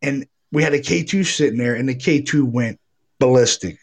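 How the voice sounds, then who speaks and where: A man's voice: medium pitch, normal speed. Middle-aged guy rambling thru a ghost story, swears a lot, acts out the quotes. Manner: rambling, profane, animated retelling with acted quotes. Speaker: paranormal investigator guest. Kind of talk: casual storytelling chat.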